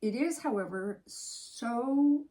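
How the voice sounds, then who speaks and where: A woman's voice: on the high side, slow, rough recording. A woman co-hosting a podcast, chatting casually and emphatically about a book that mattered to her. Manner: animated, emphatic, thinks aloud with restarts. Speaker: podcast co-host. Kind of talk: casual chat about books.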